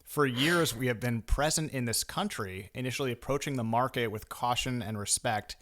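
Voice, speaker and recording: A man co-hosts a podcast in loose, casual chat. He rambles, stumbles over words and laughs easily. His voice sits at an ordinary middle pitch. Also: normal speed, fairly bright tone. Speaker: podcast co-host.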